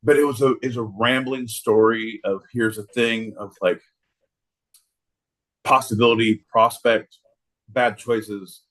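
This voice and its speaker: A man's voice: mid-range voice, fairly even intonation, slow, long pauses, fairly bright tone. A man co-hosting a podcast, rambling through crude jokes and laughing often in casual banter. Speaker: podcast co-host.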